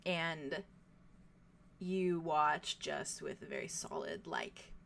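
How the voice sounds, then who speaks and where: A woman's voice: deep voice, wildly swooping pitch, slow, vocal fry, fairly bright tone, slight background noise. A young woman narrating a tabletop game as game master, descriptive and full of fillers. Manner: descriptive, many fillers like "like" and "kind of".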